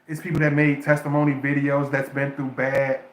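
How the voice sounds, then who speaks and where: A man's voice: mid-range voice, flat delivery, brisk. A man livestreaming spiritual advice in a casual, emotional way, often restarting phrases and talking straight to his viewers. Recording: echoey room sound.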